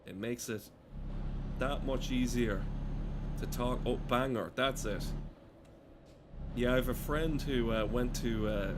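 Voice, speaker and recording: A man's voice: medium pitch, unhurried, pauses often. A man giving rambling, casual gameplay commentary, swearing freely. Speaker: gaming streamer. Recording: steady game engine noise behind.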